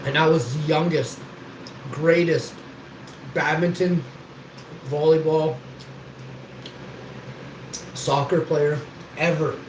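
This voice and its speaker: A man's voice: on the high side, steady tone, slow pace, long pauses. A man telling rambling, boastful stories on a livestream and swearing freely. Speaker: livestream host. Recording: echoey room with background noise.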